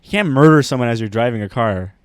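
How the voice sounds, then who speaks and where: A man's voice: medium pitch, animated, quick pace, smooth, no room sound, studio quality. A man co-hosting a comedy podcast in casual chat, reacting and laughing a lot. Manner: reactive listener, laughs often. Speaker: podcast co-host.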